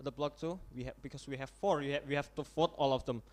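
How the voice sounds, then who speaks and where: A young man with an Indonesian accent, chairing a model UN vote in English, halting and often correcting himself as he calls on delegates. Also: medium pitch, fairly even intonation. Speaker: conference chair.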